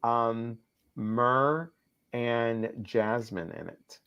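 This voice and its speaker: A man's voice: mid-range voice, extremely slow, clear, resonant tone. Male host for a casual live stream, chatty, answers viewer comments, mid-range voice, somewhat muffled lo-fi audio. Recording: slightly dull lo-fi stream audio.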